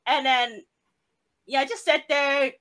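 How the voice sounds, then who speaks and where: A woman's voice: high voice, fairly even intonation, slow, bright, forceful tone, rough recording. A woman co-hosting a podcast, telling a story in casual chat, swearing often and laughing along. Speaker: podcast co-host.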